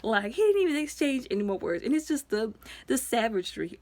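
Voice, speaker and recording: A woman chatting her way through a movie recap in a loose, rambling style, with lots of asides and sudden bursts of expression. Her voice sits at an ordinary middle pitch, recorded close and dry with no room sound. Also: fast, no room sound. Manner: rambling, chatty retelling full of fillers and asides; lively and expressive, with sudden jumps in pitch and loudness. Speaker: movie reviewer.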